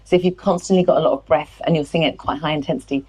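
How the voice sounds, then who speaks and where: A woman vocal coach on stage, explaining how the voice works in a clear, instructive and encouraging way. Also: low voice, fairly even intonation, rapid-fire, darkish tone. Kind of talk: explaining and leading vocal warm-ups. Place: stage before a live audience.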